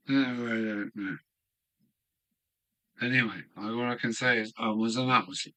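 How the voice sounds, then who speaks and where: A man with a southern English accent, tipsy and rambling, talks to his live stream from a home hobby room. His voice sits a little low, has a bright, forceful edge, and moves at an unhurried, drawn-out pace. He drifts between loose chat and repeated sing-song chants. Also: fairly even intonation, low-quality recording. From southern England. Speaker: model railway live streamer.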